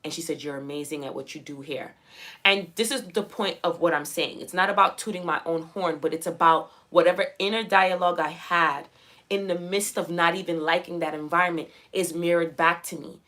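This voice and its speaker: A young woman speaks straight to her viewers in a casual motivational vlog. Her voice sits slightly low but rings bright and forceful. She talks emphatically, repeating key phrases and acting out her own inner thoughts. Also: steady tone, a little fast. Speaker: self-development vlogger. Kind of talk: casual motivational talk to camera.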